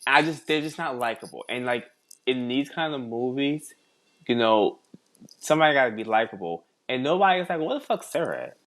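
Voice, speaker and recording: A podcast co-host in casual chat, critiquing a film as slow and repetitive. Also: mid-range voice, lively intonation, fairly bright tone. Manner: critical, conversational, repeats points for emphasis.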